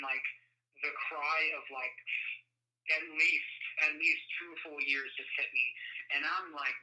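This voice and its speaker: A man, a guest speaker, telling a personal story in an interview, halting and full of fillers and restarts. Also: a little high, sharp tone, low-quality recording.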